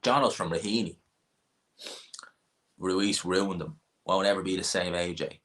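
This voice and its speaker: A man hosting a livestream, reading viewer comments and rambling offhand about boxing with quick asides. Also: low-pitched, fairly bright tone. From Ireland. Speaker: livestream host.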